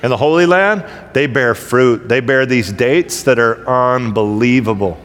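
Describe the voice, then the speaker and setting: A man's voice: medium pitch, measured pace, a bit bright, in a large hall. A middle-aged man preaching a sermon, conversational and humorous, telling stories and acting out voices. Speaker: pastor. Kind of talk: sermon with storytelling. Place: large church hall.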